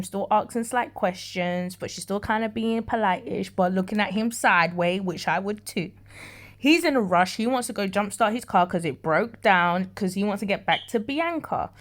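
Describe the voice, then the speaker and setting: A woman casually recapping and reviewing a soap episode, chatty and animated, acting out characters' lines with big reactions. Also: mid-range voice.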